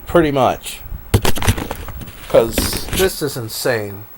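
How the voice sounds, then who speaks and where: A man's voice: medium pitch, expressive, very slow, very noisy. Guy rambling on a live stream at his desk, talks to himself, laughs a lot, wanders off topic. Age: adult.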